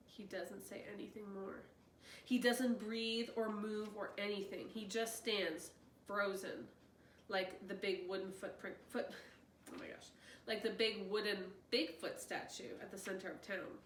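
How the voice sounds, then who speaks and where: A woman reading a novel aloud as host, with expressive, excitable asides to listeners. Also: medium pitch, measured pace. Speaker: reader, channel host. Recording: roomy distant mic, faint noise.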